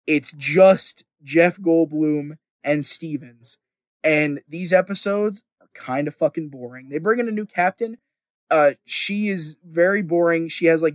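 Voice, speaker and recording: A man with a slightly raised pitch rambles through a TV recap on a podcast, swearing freely and padding his sentences with fillers. The sound is close and dry, with no room around it. He tells it with casual enthusiasm. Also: dry recording. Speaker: podcast host recapping a TV show.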